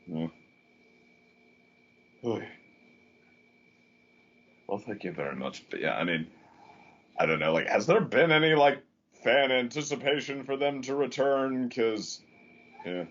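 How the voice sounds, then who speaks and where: A man's voice: mid-range voice, expressive, a little slow, long pauses, fairly bright tone, muffled recording. A man hosting a casual discussion podcast, rambling along with many fillers and restarts. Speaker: podcast host.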